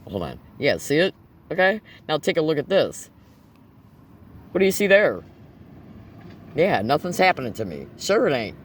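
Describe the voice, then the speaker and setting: A man's voice: a little high, sing-song, moderate pace, pauses often, a little hiss or hum. A man vlogging straight to camera in an agitated, emphatic way, firing rhetorical questions at viewers. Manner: agitated, nervous laughter. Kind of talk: direct-to-camera monologue.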